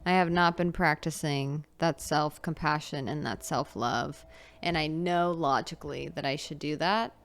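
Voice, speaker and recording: A woman's voice: low voice, measured pace. A young adult woman hosting her own podcast, talking candidly in a rambling, confessional brain-dump with frequent restarts. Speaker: podcast host. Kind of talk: candid solo podcast monologue.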